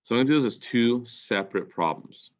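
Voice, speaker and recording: A male math teacher explaining calculus step by step, a bit congested and clearing his throat now and then. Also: medium pitch, expressive, brisk. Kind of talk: recorded calculus lesson.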